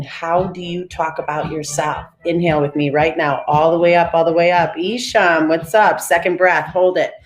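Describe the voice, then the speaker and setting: A woman's voice: fairly low pitch, darkish tone. A woman hosting a live stream, leading breathing and affirmations in an emphatic, punchy coaching style. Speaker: motivational live-stream host. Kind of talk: energetic motivational talk with affirmations.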